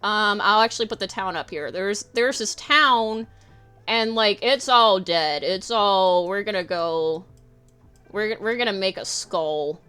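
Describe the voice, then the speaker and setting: Woman streamer, casual rambling commentary, bright crisp voice, unhurried, faint music behind. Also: mid-range voice. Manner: rambling, giggly, swears freely. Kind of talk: casual livestream commentary while drawing.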